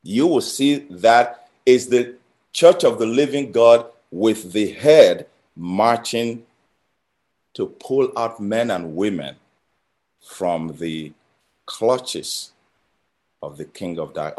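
A man preaching a sermon, emphatic, building phrases through repetition and swinging between loud and quiet. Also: fairly low pitch. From Nigeria. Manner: emphatic, with rising and falling intensity and repeated phrases.

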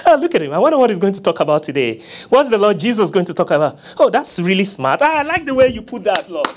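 A preacher delivering a sermon, pleading and acting out prayers, swinging from loud cries to hushed murmurs. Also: very animated, fast, a little hiss or hum. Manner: acts out begging prayers in a low, soft voice.

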